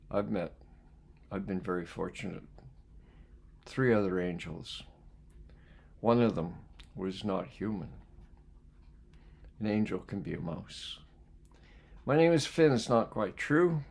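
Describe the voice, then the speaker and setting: Gravelly man reading aloud reflectively. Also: on the low side, a little slow, pauses often, a little mellow. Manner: reflective, poses questions to listeners between passages. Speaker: life skills coach reading a book aloud. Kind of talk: reading aloud with spoken asides.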